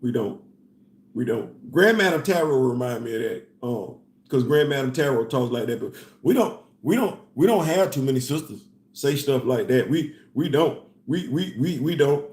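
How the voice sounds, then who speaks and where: Animated man in an echoey room. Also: mid-range voice, normal speed. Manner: animated, laughing, repeats phrases. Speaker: host. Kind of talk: casual commentary.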